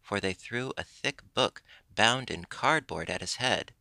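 A man's voice: lowish voice, lively intonation, a little slow, gravelly, pushed and bright, no echo, exaggerated voice. A man doing a little old man. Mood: telling.

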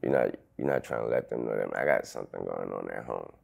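A man in his thirties, an interview guest telling a painful personal story in halting sentences full of restarts. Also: rumbling low, lively intonation, creaky. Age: 30s. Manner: halting, restarts sentences, loud when quoting others.

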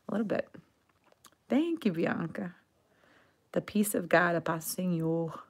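Slow-talking gravelly woman teacher. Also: lowish voice. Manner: reads viewer questions aloud and answers them, switching into Portuguese to explain; laughs often, repeats words slowly for pronunciation. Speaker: English teacher reading live-stream chat. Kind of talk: casual live-stream lesson.

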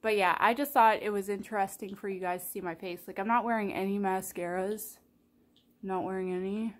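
A woman's voice: mid-range voice, steady tone, fairly quick. A young woman chatting casually in a daily vlog, bubbly, rambling and self-deprecating. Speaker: vlogger.

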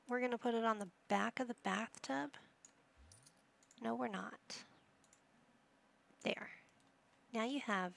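A woman's voice: a little high, vocal fry, a bit bright. A woman giving casual commentary while playing a life-simulation game, chatting to the characters and reading options aloud. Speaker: gaming YouTuber.

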